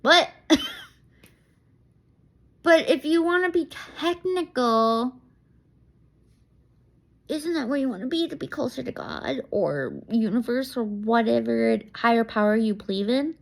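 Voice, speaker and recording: A young woman talking casually to camera in a vlog, rambling and excitable, laughing often and restarting her sentences. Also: a little high, a little slow, gravelly, long pauses. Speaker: vlogger. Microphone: camera mic.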